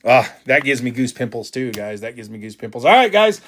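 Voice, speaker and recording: A man hosting a live trading card break, talking excitedly and casually to his viewers. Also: mid-range voice, a little fast, a little hiss or hum. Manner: excitable, hyped, chatty with viewers.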